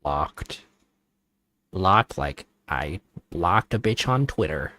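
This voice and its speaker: A man's voice: deep voice, lively intonation, slow pace, bright, forceful tone, a little hiss or hum. A man streaming and chatting casually, joking around, trailing off and repeating himself as he goes. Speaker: VTuber streamer. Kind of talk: casual livestream chat.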